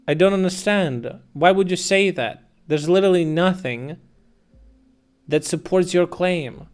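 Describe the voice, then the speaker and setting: A man's voice: sits high, measured pace. A man streaming live, answering chat comments in a blunt, mocking, incredulous way with plenty of swearing.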